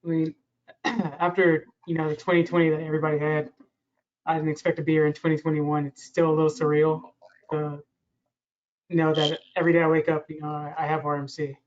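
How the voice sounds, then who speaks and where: A soft-spoken man talking quietly on a video call, with many you knows. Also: on the high side, completely flat delivery, brisk. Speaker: support group member. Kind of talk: casual video call chat. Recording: muffled video call audio.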